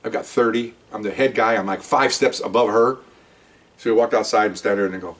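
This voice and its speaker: A man's voice: fairly low pitch, fairly quick, far from the mic. An older man, a detective, telling a story in a casual, rambling way, with restarts and quoted dialogue. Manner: conversational, rambling, with many restarts and acted-out quotes.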